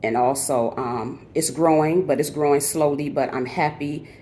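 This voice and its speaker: Middle-aged woman, low voice, weary and earnest home vlogger, faint hiss behind. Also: moderate pace, warm tone. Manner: earnest, heartfelt, talks directly to viewers. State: weary and frustrated. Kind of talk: candid personal vlog. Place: at home in her apartment.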